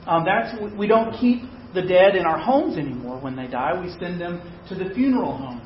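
A man preaches through a personal story, animated and high-pitched, speaking at a moderate pace. His manner is chatty and self-deprecating, and the audio comes from an echoey, dull-sounding room with a little hiss or hum.

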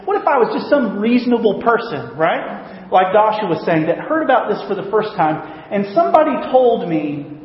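A man's voice: high-pitched, big pitch swings, moderate pace, slight background noise. A man giving a casual sermon to his congregation, talking in a conversational, joking way with frequent ums and you-knows. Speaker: pastor. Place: church worship gathering hall. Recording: dull, roomy hall recording.

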